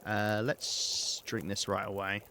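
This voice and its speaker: A British man talks through a live game stream in a low, easygoing register. He thinks aloud in loose, rambling sentences full of ums and restarts. Faint noise hums underneath his voice. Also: little pitch movement, slow pace, pushed and bright. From Britain. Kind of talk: live gameplay commentary.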